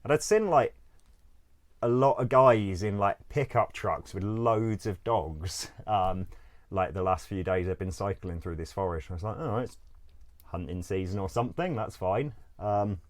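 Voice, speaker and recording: A man with a very low, deep voice tells stories in a loose, rambling way. He leans on "like" constantly, swears without a second thought and breaks into laughter as he goes. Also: a little slow. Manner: rambling, full of "like", swears freely, laughs often. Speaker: interview guest. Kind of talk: casual storytelling.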